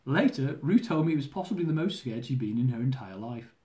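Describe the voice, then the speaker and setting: A man reading his own humorous travel memoir aloud, lively and dramatic, with comic swearing. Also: medium pitch, fairly quick. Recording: roomy echo.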